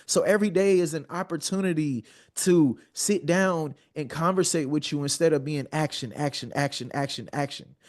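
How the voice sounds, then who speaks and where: A man's voice: on the high side, normal speed, hardly any pauses. Earnest man telling a heartfelt story. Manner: earnest, repeats words as he builds a point. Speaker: podcast guest.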